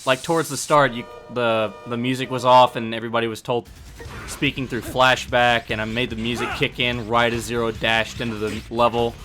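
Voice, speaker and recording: A man giving casual, animated group commentary on his own fan dub series, prone to loud excited outbursts. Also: mid-range voice, moderate pace, faint music behind.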